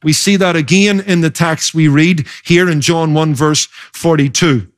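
Man, pastor, sermon, emphatic preaching, high voice, shifting pace. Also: fairly even intonation, measured pace.

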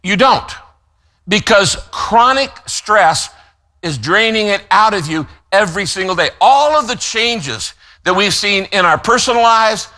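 A man preaching a sermon as pastor, emphatic, slowing down to stress key phrases and telling listeners what to write down. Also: high-pitched, expressive, sharp tone. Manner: gives note-taking instructions to listeners.

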